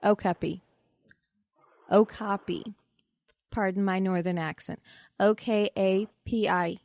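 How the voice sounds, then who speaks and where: A woman's voice: medium pitch, fairly even intonation, a little slow, a little mellow, dry recording. A woman hosting a podcast, playfully quizzing a guest and spelling out names letter by letter. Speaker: podcast host. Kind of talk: quiz game in casual podcast chat.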